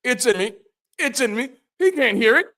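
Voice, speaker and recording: A middle-aged man on a Bible commentary show with a lively voice that jumps far up and down. He swings from slow, solemn preacher cadence to cursing, incredulous outbursts, irreverent and animated throughout. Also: extremely high pitch. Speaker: ex-pastor host.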